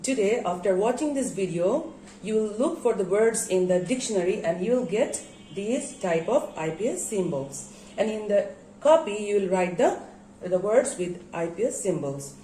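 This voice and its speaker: A woman's voice: mid-range voice, lively intonation, normal speed, dark tone, a little hiss or hum. A woman with a Bangladeshi English accent teaching an English pronunciation lesson to schoolchildren, spelling words out letter by letter and answering her own questions. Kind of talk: recorded classroom lesson on pronunciation. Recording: echoey room.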